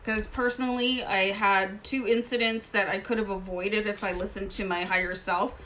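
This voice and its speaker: A woman's voice: mid-range voice, steady tone, moderate pace, pushed and bright, slight background noise. A woman living in Canada hosting a casual tarot card reading, talking in a chatty, rambling way with many asides. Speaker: tarot reader.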